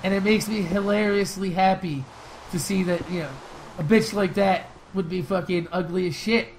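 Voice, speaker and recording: A young man hosting a gaming channel, telling stories and answering viewer questions in loose, profane, laughing chat that flares into excited shouts during fights. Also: high-pitched, normal speed, slight background noise, low-quality recording. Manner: loose, profane storytelling with frequent laughs and fillers. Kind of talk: casual gameplay commentary with viewer Q&A.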